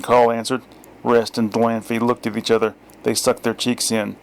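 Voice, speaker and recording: A middle-aged man reading his own first-person story aloud in a dry, deadpan manner. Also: mid-range voice, normal speed.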